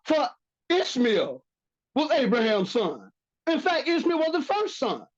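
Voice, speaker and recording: A religious teacher gives a bible lesson in a high voice with huge pitch swings, speaking a little slowly. He reads verses aloud and repeats key phrases for emphasis, on a dull, lo-fi recording.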